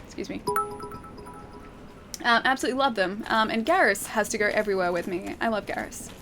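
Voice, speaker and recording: A woman's voice: medium pitch, fairly quick, music in the background. A woman game streamer chatting casually with viewers, enthusiastic and full of fillers. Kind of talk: casual chat answering viewers during a live stream.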